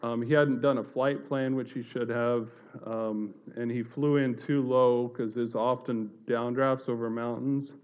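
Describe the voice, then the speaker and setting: A man giving a personal testimony to an audience, telling it in an earnest, halting way with many fillers and restarts. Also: mid-range voice, flat delivery, darkish tone, lo-fi sound. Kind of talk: earnest spoken storytelling to an audience.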